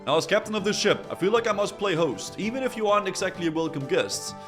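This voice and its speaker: A smug pirate captain from a fantasy game talks down to a guest in a pompous, condescending way, as a man reads his lines. The voice sits fairly high and swings widely in pitch. Faint music plays underneath. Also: lively intonation, fast talker. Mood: boastful.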